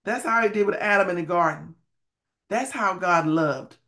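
Bright high-voiced male preacher. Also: moderate pace. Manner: emphatic, repeats key phrases, swings between loud and hushed; folksy grammar. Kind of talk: sermon.

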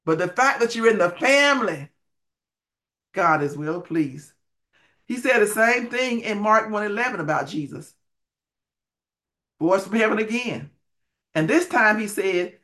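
A male preacher giving a sermon, emphatic, repeating key phrases and swinging between loud bursts and hushed lines, with folksy grammar. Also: high voice, expressive, measured pace, long pauses.

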